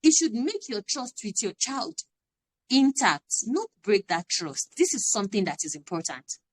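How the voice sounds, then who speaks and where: A woman's voice: on the high side, big pitch swings, unhurried. A woman, giving an earnest, emphatic parenting talk on a live stream and repeating her key phrases. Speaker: parenting coach.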